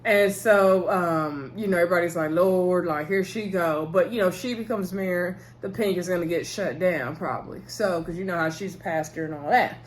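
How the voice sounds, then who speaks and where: A woman's voice: lowish voice, fairly quick, few pauses, a little hiss or hum. A woman giving a casual, rambling recap of a TV episode. She fills her talk with "so anyway" and "um" and speaks to her viewers in a familiar way. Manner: rambling, loose, full of fillers like "so anyway" and "um"; chatty and familiar, addressing viewers directly. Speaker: TV episode reviewer.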